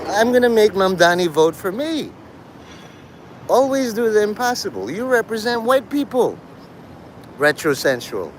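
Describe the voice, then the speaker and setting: A high-voiced man livestreams and chats casually with his viewers, with slight background noise. His talk with the chat is provocative, profane, and rambling.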